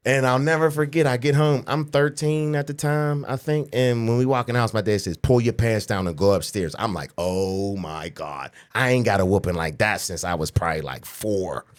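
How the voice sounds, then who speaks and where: A man in his forties, from the Pittsburgh area, telling a profane childhood story as a podcast guest, animated and acting out the voices of people he quotes. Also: mid-range voice, brisk, few pauses. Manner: profane, animated, acts out quoted voices, frequent "you know what I'm saying". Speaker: podcast guest, pro bodybuilder. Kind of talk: casual storytelling in a podcast interview.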